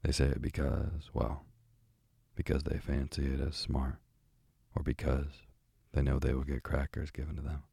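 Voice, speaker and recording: A man voicing a chatty, gossipy old female parrot in a storybook reading, in a deep, gravelly, husky voice. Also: monotone, normal speed, dark tone, no room sound, full character voice.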